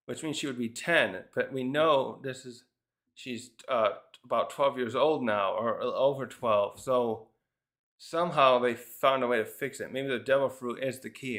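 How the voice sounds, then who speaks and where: A man with a mid-range, fairly bright voice casually reviews a manga chapter. He rambles and thinks aloud, restarting often and using lots of fillers.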